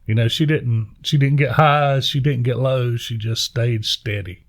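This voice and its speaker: A middle-aged pastor, telling personal stories in a jovial, folksy way. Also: male voice, medium pitch, fairly even intonation, measured pace. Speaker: pastor and podcast guest. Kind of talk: personal storytelling in conversation.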